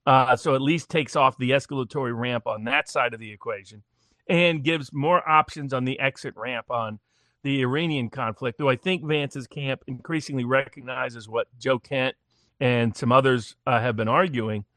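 A man's voice: mid-range voice, moderate pace, fairly bright tone, no echo. A man giving political commentary in a casual remote talk, with frequent restarts and repeated words as he builds long arguments.

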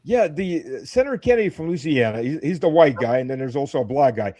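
A man talking casually about politics with another man. He speaks in an animated way, often laughs, and trails off and restarts his sentences. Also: a little high, fast, no echo.

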